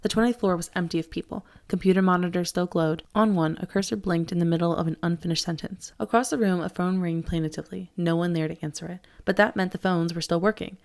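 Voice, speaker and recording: A woman teacher reading a novel aloud with steady expression. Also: fairly low pitch, fast, few pauses. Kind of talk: audiobook read-aloud.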